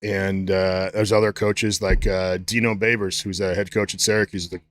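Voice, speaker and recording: A middle-aged man with a fairly low voice, chatting on a podcast as a guest. He rambles from story to story and swears freely, loose and unpolished. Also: little pitch movement, normal speed, fairly bright tone, no room sound. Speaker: guest, strength coach. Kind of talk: casual podcast chat.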